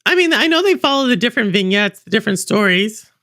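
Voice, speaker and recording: Animated chatty woman streamer, bright and lively. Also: mid-range voice, fast. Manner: rambling, animated, laughs often, chats with viewers. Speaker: livestream host. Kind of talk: casual stream chat.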